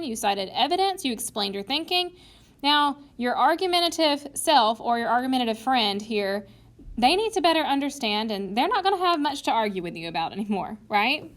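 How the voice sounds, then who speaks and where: A woman teacher talks her students through a writing strategy in a recorded video lesson. Her voice sits a little high, and she explains patiently, step by step, voicing both sides of a made-up argument. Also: a bit bright.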